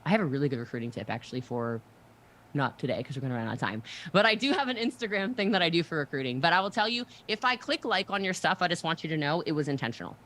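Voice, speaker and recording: Brisk emphatic woman business coach. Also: deep voice, lively intonation, fairly bright tone. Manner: brisk, emphatic, often asks okay?. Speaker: network marketing mentor on a livestream. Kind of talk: motivational livestream coaching.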